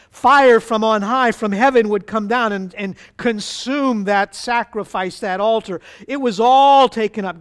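Middle-aged male pastor, high resonant voice, chatty sermon with asides. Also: clean tone. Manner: conversational preaching with asides and acted-out voices.

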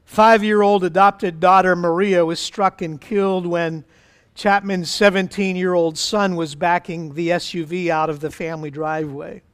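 A man's voice: high-pitched, fairly even intonation, normal speed, clean tone. A man pastor leading prayer and preaching a sermon in an emphatic, fervent way.

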